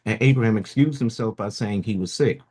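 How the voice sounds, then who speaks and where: A radio host reading a religious story aloud and breaking off into loose, chatty commentary full of fillers. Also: male voice, fairly low pitch, fairly quick, darkish tone, husky.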